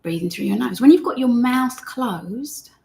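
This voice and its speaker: A woman teaching meditation in a gentle, chatty way, talking straight to her viewers and reading their comments aloud. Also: fairly high pitch, expressive, a little slow, gravelly. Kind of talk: live-streamed guided meditation lesson.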